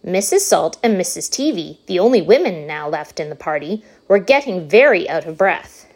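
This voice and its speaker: Reading a children's book as narrator, a woman with a lowish voice tells the story in an unhurried, expressive way.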